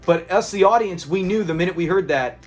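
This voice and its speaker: A man's voice: high voice, fairly quick, soft background music. A man hosting a casual episode breakdown, retelling scenes in a chatty, rambling way with frequent restarts. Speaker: episode review host.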